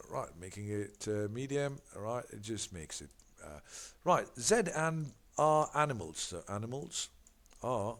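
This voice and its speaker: A man working through exam practice questions as a tutor. He talks in an emphatic way, stumbles and corrects himself often, and keeps repeating catchphrases. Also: mid-range voice. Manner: animated, emphatic, repeats catchphrases like "big fat no".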